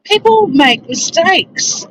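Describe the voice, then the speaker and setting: A woman with a very high, expressive, slightly bright voice speaks slowly on a rough recording with a little hiss or hum. As a streamer reading viewer comments, she answers them casually and rants bluntly and with exasperation, swearing freely and laughing often.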